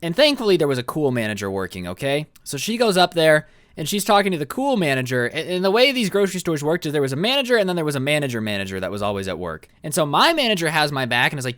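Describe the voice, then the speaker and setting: A young man telling a storytime vlog about his first job in an animated, sarcastic rant. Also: a little high, fast talker, few pauses, no echo, clean studio sound. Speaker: vlogger.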